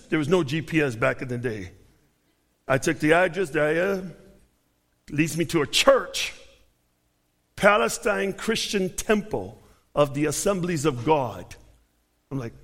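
A man from Chicago giving a storytelling sermon as a guest preacher, animated and dropping low for asides and quoted voices. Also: long reverb tail. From Chicago, United States.

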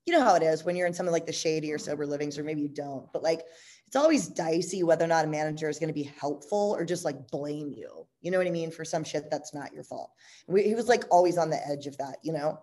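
A woman with a somewhat low voice tells a personal story with raw candor. She talks bluntly and swears freely, scattering "like" and "you know" through her sentences. Her delivery is animated and she laughs easily as she goes. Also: quick pace.

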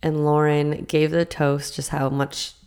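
Young female podcast host, deep with vocal fry, gushing and chatty. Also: unhurried. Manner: gushing, excited, lots of "like" fillers. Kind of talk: casual personal storytelling.

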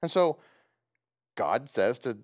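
A man's voice: medium pitch, very animated, slow. A man leading a prayer and teaching a Bible study to people at tables, in a conversational manner with light humorous asides. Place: room with groups at tables.

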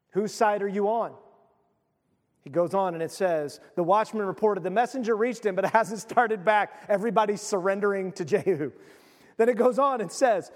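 A man's voice: sits high, moderate pace, long reverb tail. A male pastor giving a conversational sermon, retelling a story with casual asides.

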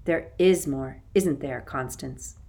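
A woman reading an audiobook, voicing a boy who speaks gravely and with concern for his friends. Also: extremely low pitch, slow, warm tone, voice pushed down, heavily acted. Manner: grave, caring.

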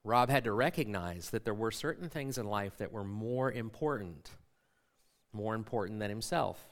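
A man's voice: on the low side, animated, normal speed. A man in his forties, a pastor, preaching a sermon by telling a self-mocking personal story and acting out the dialogue.

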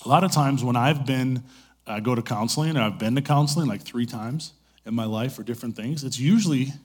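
A man's voice: medium pitch, brisk, slightly rough. A middle-aged man giving a sermon in a conversational, storytelling way, full of asides. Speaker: pastor.

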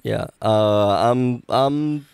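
Gravelly-voiced man hosting a podcast. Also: medium pitch, very slow, a little mellow, dry recording. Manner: joking, rambling, self-deprecating. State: sore tongue, slight lisp. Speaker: podcast host. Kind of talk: casual podcast chat.

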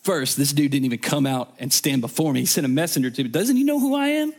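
A man's voice: a little high, lively intonation, fast, a little mellow. A man voicing a proud, indignant foreign army commander in a raised, offended voice. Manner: offended, huffy.

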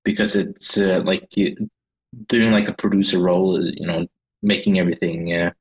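Swedish guy, super deep voice, kinda hesitant, lo-fi muffled sound. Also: little pitch movement, normal speed. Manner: hesitant, searching for words. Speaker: guest game designer. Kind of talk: casual interview chat.

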